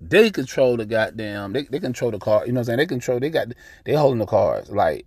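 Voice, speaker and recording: A man's voice: medium pitch, a little fast, breathy edge, no room sound. Dude ranting on his podcast, cussing a lot, repeats himself, dry close mic, mid voice. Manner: blunt, profane, animated, repeats himself. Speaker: podcast host. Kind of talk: casual ranting monologue.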